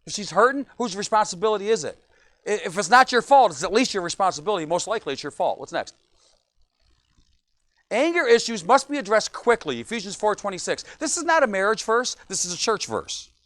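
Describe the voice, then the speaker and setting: A man's voice: high voice, very animated, fairly quick, a bit bright, no room sound. A middle-aged man, a pastor, preaching a sermon in a church, joking often and asking "right?" again and again.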